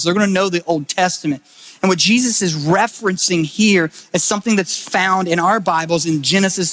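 A male pastor giving a casual, animated sermon, acting out quotes in everyday slang. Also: high-pitched, big-room sound.

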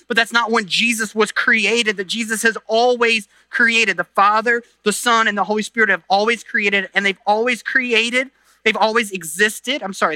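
A middle-aged pastor delivering a sermon with a bright, forceful voice. He swings from loud, emphatic lines to hushed, intense ones and often restarts his phrases. The recording is dry and close, with no room sound. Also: high-pitched, no room sound. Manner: earnest, shifts between loud emphasis and quiet intensity, frequent restarts.

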